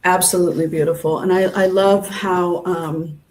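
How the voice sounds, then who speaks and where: A woman's voice: on the low side, steady tone, moderate pace, a little mellow, a little hiss or hum, low-quality recording. A woman co-hosting a live talk show, reflective and affirming as she shares her thoughts. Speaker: show co-host.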